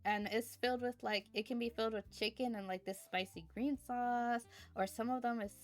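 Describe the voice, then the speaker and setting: A woman's voice: a little high, steady tone, fairly quick, soft background music. A woman streamer in casual chat, rambling from topic to topic and thanking her chat viewers.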